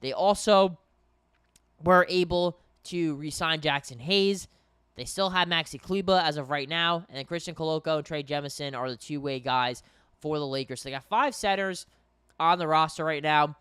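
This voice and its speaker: A young man commentates a game live for his stream, a bit tired and yawning. His voice sits a little high and sounds smooth and clear. The recording is dry and close. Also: moderate pace, a bit bright, dry recording. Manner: conversational, addresses viewers as guys. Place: home in New York.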